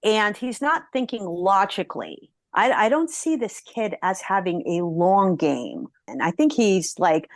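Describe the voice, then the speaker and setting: Animated woman co-hosting a podcast, dry sound. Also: medium pitch, no room sound. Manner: animated, acts out characters' thoughts in quick asides. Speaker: podcast co-host. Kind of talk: casual film discussion.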